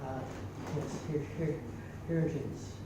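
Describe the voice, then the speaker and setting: A man's voice: mid-range voice, slow pace. An Irish man in his sixties doing rambling, self-mocking stand-up comedy on a small stage. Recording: echoey room, distant mic, faint hum.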